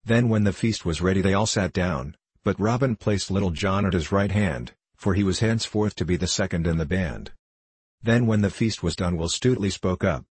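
Male audiobook narrator, deep and slightly husky, measured storytelling, dry booth sound. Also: a little mellow, no room sound. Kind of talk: storybook reading.

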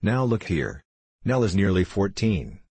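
A man voicing a scheming young man who presses his point in a slow, steady, insistent way. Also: sits low, breathy edge, no room sound, heavily acted.

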